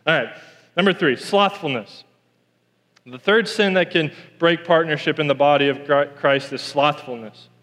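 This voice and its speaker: A man's voice: fairly high pitch, moderate pace, a bit bright, long reverb tail. A man preaching a sermon in a church, telling a story and repeating key lines for emphasis.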